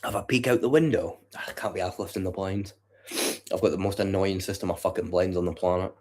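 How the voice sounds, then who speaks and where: Deep-voiced man streaming. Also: steady tone, brisk, darkish tone. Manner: profane, rambling banter with chat. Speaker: livestreamer. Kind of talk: casual chat with a livestream audience. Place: his home at night.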